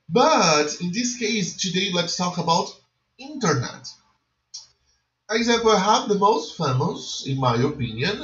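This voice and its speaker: A man with a Brazilian Portuguese accent teaching an online English class for children, talking slowly and checking in often with "okay?" and "yes or no?". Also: fairly high pitch, fairly bright tone. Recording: roomy, dull lo-fi sound.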